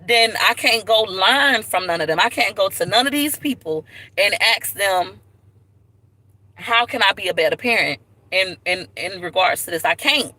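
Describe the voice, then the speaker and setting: A woman's voice: mid-range voice, expressive, normal speed, bright, forceful tone, rough recording. Candid woman telling a personal story. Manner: candid, tearful at times, Southern US slang. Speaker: vlogger on a live stream.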